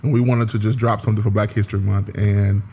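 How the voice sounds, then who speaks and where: A man, a singer-songwriter guest, telling stories in an animated, casual way during an interview. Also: fairly low pitch, fast talker, a little hiss or hum. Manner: animated storyteller, laughs easily.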